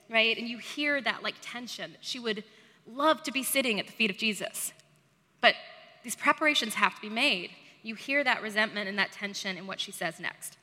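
A woman's voice: a little high, pushed and bright, big-room sound. A woman preacher giving a chatty, self-deprecating sermon in a conversational way. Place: church service.

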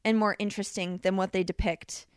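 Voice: mid-range voice, level tone, brisk, smooth, no room sound, clean studio sound. A woman co-hosting a podcast, chatting casually about a movie with lots of fillers and laughter. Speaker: podcast co-host. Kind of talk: casual film review chat.

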